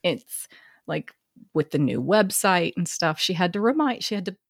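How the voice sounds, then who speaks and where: A woman's voice: on the low side, expressive, normal speed, creaky, dry recording, studio quality. A woman co-hosting a podcast in casual chat, laughing often as she retells stories. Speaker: podcast co-host.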